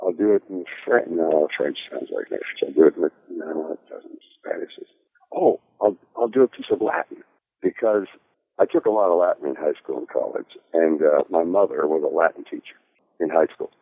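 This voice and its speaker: A man's voice: extremely low pitch, normal speed, gravelly, breathy edge, no room sound. A man, an actor being interviewed, telling a story in a rambling, casual way with plenty of fillers and restarts. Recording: tinny phone-like call audio.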